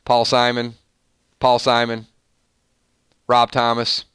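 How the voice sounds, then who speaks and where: A man hosts a live stream and playfully tallies viewer votes on music matchups. His voice is bright and crisp. It sits close and dry on the mic, with no room sound. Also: mid-range voice, takes it slowly, no room sound. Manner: playful, animated, reading out votes. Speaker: host.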